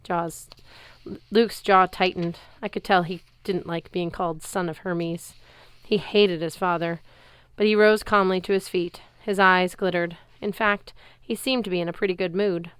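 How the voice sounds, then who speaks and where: A woman's voice: lowish voice, steady tone, unhurried, a bit bright, clear, resonant tone, no echo. A woman reading a novel aloud, telling the story expressively in first person. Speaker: reader.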